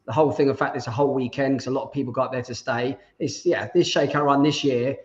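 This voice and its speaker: A man's voice: medium pitch, fairly even intonation, quick pace, dull audio. A man co-hosting a casual podcast chat, telling stories with enthusiasm. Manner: enthusiastic storyteller. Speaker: podcast co-host.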